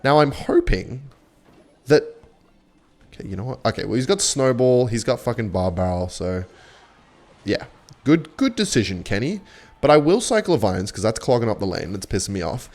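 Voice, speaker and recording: A young man giving casual, sarcastic play-by-play of his own match, boastful and quick to swear. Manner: cocky, sarcastic, swears a lot, lively pitch swings. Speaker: gaming content creator. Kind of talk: live gameplay commentary.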